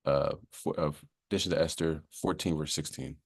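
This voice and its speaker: A man's voice: extremely low pitch, steady tone, moderate pace, vocal fry. A man teaching a casual Bible class in a loose, chatty way, often asking "you know what I mean" and slipping into joking voices to act out sayings.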